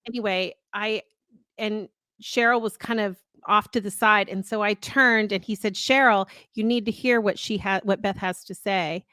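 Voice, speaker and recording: A woman's voice: medium pitch, fairly even intonation, moderate pace, sharp tone, clear, resonant tone, no room sound. A middle-aged woman hosting a podcast, telling a long personal story in casual chat. She talks earnestly and rambles, often restarting her sentences. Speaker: podcast co-host.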